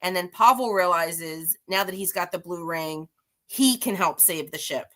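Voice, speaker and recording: A woman's voice: fairly low pitch, moderate pace, bright, forceful tone. A woman giving a casual, rambling comic-book recap, chatty and self-deprecating with frequent restarts. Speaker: guest reviewer.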